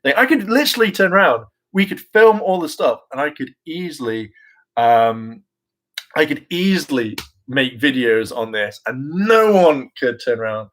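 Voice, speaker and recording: A man of ordinary pitch chats loosely to his viewers. He wanders from one thought to the next with plenty of "um"s and "like"s. He mocks himself and swears now and then in an easy, offhand way. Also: very animated, moderate pace, fairly bright tone, poor audio. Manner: chatty and self-mocking, with frequent fillers, laughs and mimicked voices; casual swearing. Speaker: vlogger and hopeful actor. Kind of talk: casual rambling commentary.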